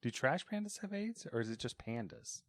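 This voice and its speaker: A man's voice: mid-range voice, very animated, fairly quick, no room sound, studio quality. A man hosting a weekly gaming podcast, chatting loosely and trailing off mid-thought. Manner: rambling, trails off into mumbles. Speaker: podcast host. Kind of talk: casual chat.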